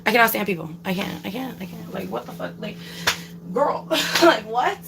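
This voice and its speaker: A woman's voice: medium pitch, animated, normal speed, creaky, background noise. A young woman ranting casually on a livestream, swearing a lot and repeating herself for emphasis.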